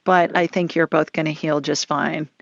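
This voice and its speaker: A woman's voice: deep voice, level tone, normal speed, gravelly, no echo, muffled recording. A woman hosting a psychic call-in radio show, chatty and down-to-earth, with folksy phrases. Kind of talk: call-in show, casual and reassuring.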